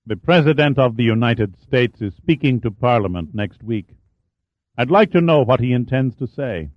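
A man reading an audiobook voices a cool, aloof male politician, scheming and composed, in a low, smooth tone. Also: animated, normal speed, no echo, close to an everyday voice. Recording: dull, dry studio audiobook.

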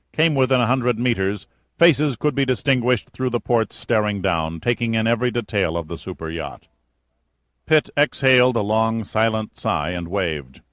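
A man narrating an audiobook in a steady, measured storytelling manner on a close mic. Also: fairly low pitch, dry recording.

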